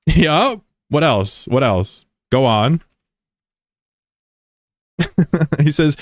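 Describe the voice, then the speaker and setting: A man's voice: fairly high pitch, very animated, takes it slowly, long pauses, dry recording, clean studio sound. A man streaming a game in loose, joking chat, greeting and teasing viewers in slang. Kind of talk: casual live-stream chat, reading viewer messages.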